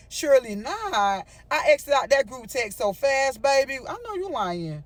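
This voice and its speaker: Eine Frau mit hoher Stimme erzählt lebhaft und locker eine Geschichte und wendet sich dabei immer wieder direkt an ihr Publikum. Ihre Stimme steigt und fällt ausdrucksstark. Der Ton ist entspannt und plaudernd, wie bei einem Storytime-Video. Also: female voice, sits high, moderate pace, few pauses, no echo. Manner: animated, addresses viewers with frequent asides. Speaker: storyteller vlogger. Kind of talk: casual storytime monologue.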